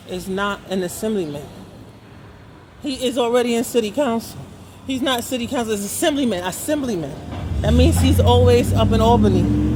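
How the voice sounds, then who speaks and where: A sarcastic, talkative woman vlogs as she walks through the city, speaking in loose street slang. It was recorded on a phone held out in front of her, with loud street noise and passing cars behind her voice. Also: lowish voice. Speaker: vlogger. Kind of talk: casual walking vlog.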